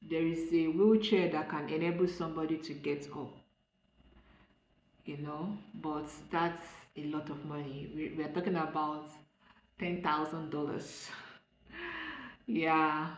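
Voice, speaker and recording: A young Nigerian woman with a Nigerian accent, talking to a phone camera in a casual vlog at home, rambling and correcting herself as she goes. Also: deep voice. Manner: rambling, restarting, self-correcting. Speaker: vlogger. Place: room at home. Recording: echoey room on a phone.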